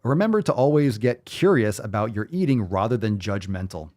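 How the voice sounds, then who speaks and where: A man's voice: lowish voice, lively intonation, fairly quick, darkish tone. A man hosting a podcast, ranting with blunt, profane, sarcastic commentary and mocking asides. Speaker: podcast host.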